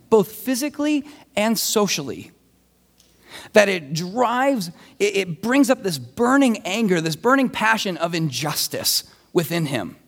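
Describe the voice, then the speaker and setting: A young man preaching a sermon, telling the story with animated voices for the people in it. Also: high-pitched. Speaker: pastor. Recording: long reverb of a large hall.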